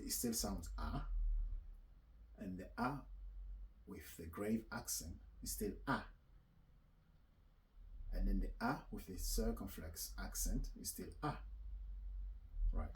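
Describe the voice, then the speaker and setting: A man hosting a casual spoken lesson on pronunciation, talking slowly and hesitantly and repeating sounds aloud. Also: low voice, a little mellow, rough recording. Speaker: language teacher.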